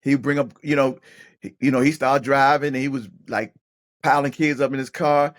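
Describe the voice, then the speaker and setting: This former football player turned coach, now middle-aged, talks at a normal speed in a mid-range voice. Appearing on a podcast, he tells personal stories in a relaxed interview, animatedly voicing other people and frequently restarting his words while he gathers his thoughts.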